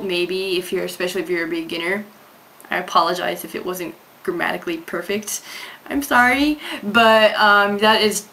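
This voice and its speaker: A woman teaching a language point in a casual, explanatory way, often pausing with fillers and restarting sentences. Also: medium pitch, a bit bright, low-quality recording. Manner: hesitant, full of fillers and restarts.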